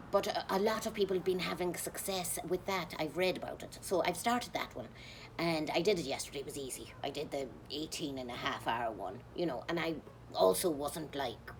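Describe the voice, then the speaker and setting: A woman with an Irish accent, rambling through a comic monologue as a nun, chatty and mock-pious with deadpan dark jokes. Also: deep voice, slight background noise. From Ireland. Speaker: comedian in a nun persona. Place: outdoors, with passers-by.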